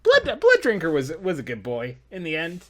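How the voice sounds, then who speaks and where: A woman's voice: low voice, huge pitch swings, normal speed. A woman playing a forgetful old companion who rambles and trails off hesitantly. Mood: vague. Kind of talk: tabletop role-play.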